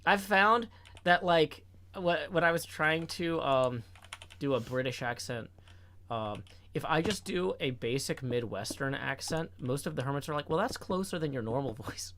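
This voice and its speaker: A man streaming a game and chatting casually, rambling with playful deadpan jokes. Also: fairly high pitch, measured pace, slight background noise. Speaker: streamer and co-host. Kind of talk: casual chat while gaming.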